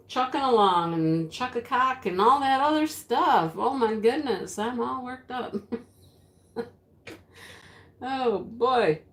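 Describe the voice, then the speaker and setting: An actress playing a rambling, easily flustered woman who hosts a home craft livestream and giggles often. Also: fairly high pitch. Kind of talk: sketch comedy character acting. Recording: roomy echo.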